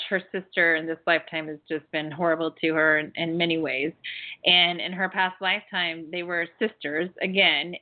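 A woman hosting a call-in show about past-life healing, telling stories in a chatty, animated way with many fillers. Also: on the low side. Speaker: host and past-life healer. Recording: phone-like narrow band.

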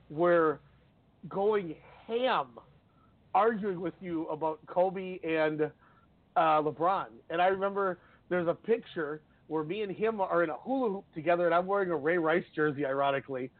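Higher-voiced man on a tinny line. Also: no room sound. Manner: emotional, rambling storyteller. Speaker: sports radio host. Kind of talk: casual sports talk. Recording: dry, tinny phone-like line.

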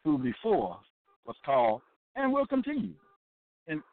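A man's voice: fairly high pitch, wildly swooping pitch, no echo. Man teaching scripture over a tinny line. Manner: deliberate and repetitive, with many fillers and check-ins. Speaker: Bible teacher. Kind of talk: sermon-style Bible lesson. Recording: tinny phone-like line, dry.

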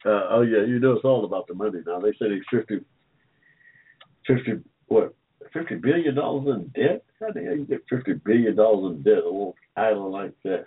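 An older man with a lowish, brisk, slightly breathy voice hosts an online talk show. He chats casually and jokes with listeners, rambling and repeating himself. The audio sounds like a phone line.

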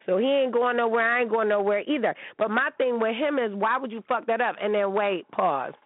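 A woman's voice: on the high side, a little fast, no room sound. Blunt, profane woman ranting on a tinny line. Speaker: host. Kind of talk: casual ranting commentary. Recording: tinny phone-like sound, dry.

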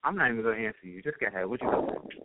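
A man's voice: fairly low pitch, lively intonation, very fast, dry recording. A man from Brooklyn, rambling and swearing freely as a panelist in casual talk-show banter. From Brooklyn, New York. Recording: tinny dry phone-line sound.

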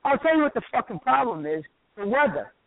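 Brash Italian-American hothead, played by a man, profane and combative, lively pitch, dry phone line. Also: brisk, creaky, no echo, full character voice. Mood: belligerent. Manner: profane, aggressive, shouting insults. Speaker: radio comedy character caller.

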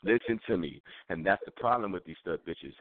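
A man's voice: low voice, expressive, fairly quick. A man co-hosting a call-in talk show, blunt and repetitive, talking in street slang. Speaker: co-host. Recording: tinny phone line.

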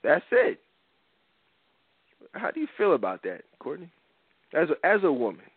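A man's voice: fairly high pitch, big pitch swings, a little fast, husky, no echo. Emphatic male talk-radio host, tinny sound. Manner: earnest, emphatic, repeats words while building a point. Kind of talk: casual talk radio chat. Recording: tinny phone-like dry sound.

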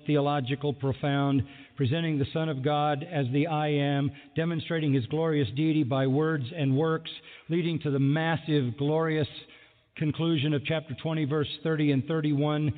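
A man preaching a sermon in an animated way, full of rhetorical questions and mock exasperation. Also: fairly high pitch. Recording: phone-like audio in a large echoing hall.

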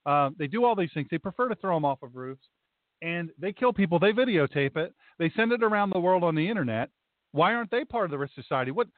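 A man's voice: high voice, expressive, fast talker, no room sound. A man hosting a talk show, an emphatic and rambling storyteller who acts out scenes as he goes. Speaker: talk show host and pastor. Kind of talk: talk radio chat. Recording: tinny phone-like line, dry.

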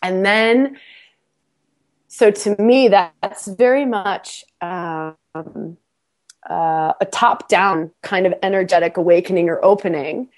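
A woman's voice: mid-range voice, takes it slowly. A woman, a podcast guest, telling a personal story in a casual interview. She mocks herself, laughs often and repeats words as she restarts sentences. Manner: animated, self-mocking storyteller with frequent laughs.

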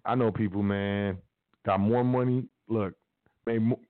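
Speaking a little slowly in a fairly low, fairly even voice, the podcast host alternates between reading news and giving emphatic slang-laden commentary aimed straight at listeners. There's no echo; the sound is dry and narrow, phone-like, with faint music.

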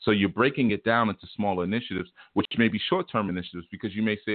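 A man's voice: fairly low pitch, rapid-fire, hardly any pauses, dry recording. A man giving an informal spiritual teaching, folksy and colloquial, illustrating his points with homespun stories. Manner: folksy, chuckling, colloquial storytelling. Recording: tinny phone-like dry recording.

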